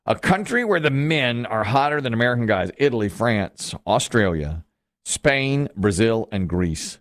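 A male game show host calls out answers and chats with the contestants. His delivery is upbeat, and his pitch swings widely. He has a medium-pitched voice. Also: lively intonation, unhurried. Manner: upbeat, chatty, reads clues aloud.

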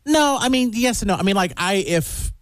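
A man's voice: high-pitched, animated, moderate pace, clear, resonant tone, no echo. A man hosting a morning radio show, chatting casually with co-hosts in a studio, rambling with lots of fillers. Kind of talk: casual on-air banter.

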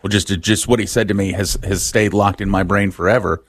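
A man's voice: on the low side, steady tone, brisk, no echo. A man co-hosting a radio show, telling a story from his teenage job with wry, dry asides. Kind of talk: casual morning show banter.

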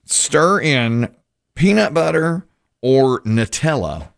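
A man's voice: on the high side, slow pace, vocal fry. A middle-aged man hosting a casual podcast chat, chatty and telling stories. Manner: chatty storyteller, lively and animated. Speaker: podcast host.

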